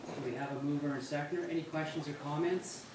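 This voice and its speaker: A man's voice: a little high, fairly even intonation, quick pace. A man chairing a council meeting, reading motions and calling on speakers in a procedural tone. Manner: reads motions aloud in a procedural tone. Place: council chamber. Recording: echoey chamber, distant mic, background noise.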